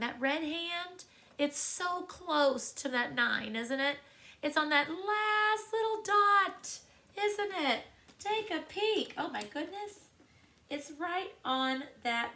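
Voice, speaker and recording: A woman teacher walks young children through a lesson at a slow, patient pace. Her voice is bright and clear, and she sounds encouraging, lifting her questions into a friendly sing-song. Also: medium pitch. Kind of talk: classroom lesson to young students.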